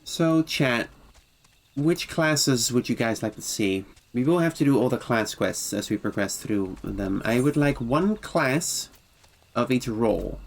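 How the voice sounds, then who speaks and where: A man's voice: medium pitch, expressive, measured pace, creaky. A man streaming a game, chatting casually with viewers and reading game dialogue aloud. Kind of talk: casual game livestream chat.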